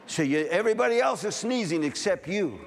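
A male pastor in his fifties from California, preaching a sermon with animated storytelling and acted-out dialogue. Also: sits high, brisk. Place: large camp meeting hall. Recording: long hall reverb, faint ambient noise.

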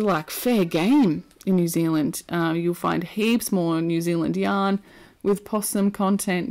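A woman's voice: on the low side, creaky, darkish tone. A woman with an Australian accent, chatting casually and playfully about yarn in her knitting vlog. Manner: chatty and playful, prone to silly asides. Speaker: knitting vlogger. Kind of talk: casual chat.

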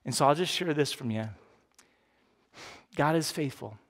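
A man in his fifties preaching a sermon as pastor, earnest and swinging from emphatic peaks down to quiet, low moments. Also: measured pace. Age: 50s.

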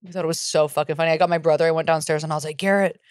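Woman co-host, low-ish voice, smooth and clear, dry close sound, swears freely and plays out every line of her stories. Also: very fast, no room sound. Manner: profane, animated storytelling with acted-out quotes. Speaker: podcast co-host. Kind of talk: casual chat.

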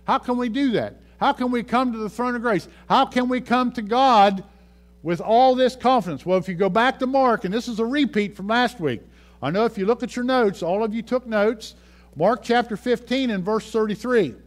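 A man's voice: very high-pitched, normal speed. A male pastor preaching a sermon, reading scripture aloud and repeating key phrases for emphasis.

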